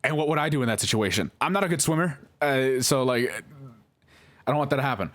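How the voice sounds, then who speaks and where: A young man telling his side of a story in a halting, emotional monologue, swearing and correcting himself as he goes. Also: medium pitch, a bit bright. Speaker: vlogger responding to accusations.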